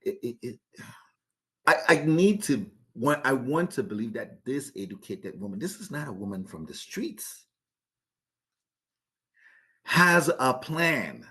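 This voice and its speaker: A man's voice: mid-range voice, big pitch swings, slow pace, long pauses, sharp tone. A man hosting a podcast, giving opinionated commentary, asking rhetorical questions and often restarting sentences with repeated words. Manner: emphatic, repeats words when starting sentences; poses rhetorical questions to listeners. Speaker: podcast host.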